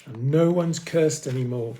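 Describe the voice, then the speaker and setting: A man's voice: mid-range voice, a little slow, mellow, slight background noise, close to an everyday voice. A man voicing a brave, earnest young boy in a storybook reading. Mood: urgent.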